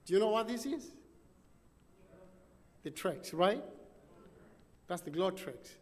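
Animated high-voiced male preacher. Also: slow pace. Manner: animated, dramatic storytelling with sudden drops and rises. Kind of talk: sermon storytelling. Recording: long church reverb.

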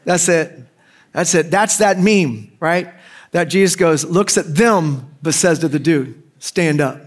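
A man's voice: fairly high pitch, measured pace. Joking, chatty male preacher. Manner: conversational and joking, acting out quoted voices. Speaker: pastor. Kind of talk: casual sermon.

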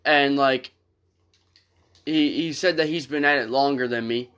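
A man's voice: medium pitch, fairly even intonation, unhurried, a bit bright, clear, resonant tone. A young man in his late teens chatting casually with friends during a game, rambling with lots of fillers and swearing. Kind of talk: casual voice chat while gaming.

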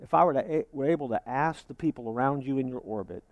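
A man preaching a sermon as pastor, lively, acting out what his listeners might say. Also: medium pitch, quick pace, no echo, lo-fi sound. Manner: lively preaching, acts out imagined congregants.

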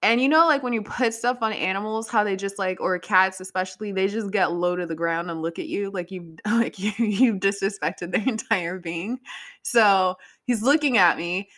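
A woman's voice: medium pitch, moderate pace, a bit bright. A woman hosting a podcast, chatting casually in a rambling way, swearing freely and laughing often. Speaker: podcast host. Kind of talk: casual chat.

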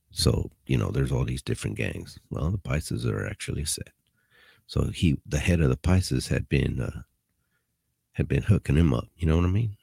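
A man's voice: very deep voice, gravelly, dark tone, husky, dry recording. A man hosting a podcast, telling a prison story in a laid-back, profane way with bits of Spanish. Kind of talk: casual storytelling.

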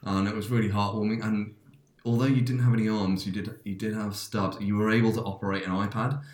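A man's voice: fairly low pitch, little pitch movement, fast, darkish tone. A man hosting a podcast, casually telling a dream in a rambling way with many restarts and fillers. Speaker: podcast host. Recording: roomy echo.

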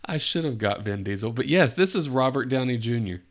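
A man with an ordinary mid-range voice hosts a relaxed chat. He runs a guessing game and drops playful hints, chuckling now and then. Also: medium pitch, brisk. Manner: teasing, gives hints, chuckles. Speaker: podcast host running a guessing game. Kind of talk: casual chat.

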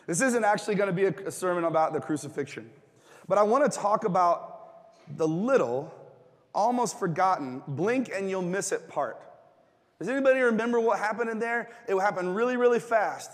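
A man's voice: sits high, lively intonation, brisk, in a large hall. A man preaching a casual, joking sermon, asking the congregation questions and getting replies. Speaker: pastor. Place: church hall.

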